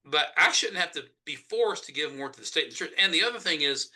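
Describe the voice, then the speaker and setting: In a political interview, a Senate candidate with a Southern US accent makes his case with emphatic, forceful argument. His voice is a little high and expressive, and he talks fast.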